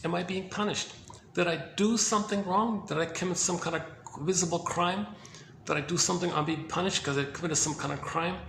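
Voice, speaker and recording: A man's voice: high-pitched, steady tone, brisk, gravelly, fairly bright tone, echoey room, slight background noise, pitched above the performer's own voice. A man voicing the inner voice of a frightened baby boy who pleads with his mother in frantic, repetitive questions. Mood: frightened pleading.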